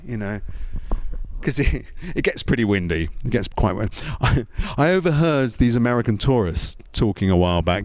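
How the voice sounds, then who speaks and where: A male stand-up comedian with a very lively, bouncing pitch, working the crowd with tag questions and stammered restarts. His voice sounds dry and close, with little room to it. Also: normal speed, no echo.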